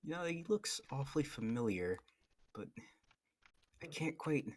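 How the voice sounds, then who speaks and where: A man's voice: fairly high pitch, sing-song, measured pace. A man playing a tabletop game, hesitant and full of fillers, sometimes muttering under his breath. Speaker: player. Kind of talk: tabletop role-play.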